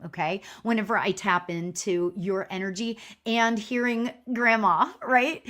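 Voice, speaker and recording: A woman's voice: medium pitch, moderate pace, few pauses. A woman working as a spiritual medium, giving a live online reading in a chatty, encouraging way with lots of "you know" fillers. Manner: warm and encouraging toward viewers.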